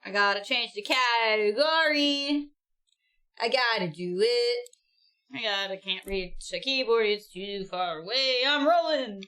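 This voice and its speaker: A woman streaming a game live, chatting casually, giggling often and gushing excitedly while rambling to herself. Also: on the high side, unhurried.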